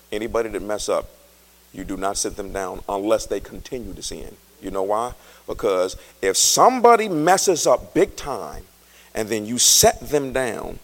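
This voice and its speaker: A male pastor preaching a sermon in a colloquial, joking way, swinging from quiet talk to shouting. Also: lowish voice. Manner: colloquial, jokes with the congregation.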